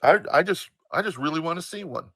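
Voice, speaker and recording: A man's voice: lively intonation, a little fast, pushed and bright, breathy edge, dry recording, clean studio sound, exaggerated voice. A man voicing his younger self as an earnest, pleading young boy. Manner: pleading, high-pitched.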